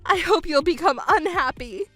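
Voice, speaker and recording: Woman voicing a shrill, self-pitying stepmother. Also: lively intonation, moderate pace, bright, forceful tone, faint music behind, heavily acted. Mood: indignant. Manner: whiny, indignant, stammering when cornered. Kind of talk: texting story narration.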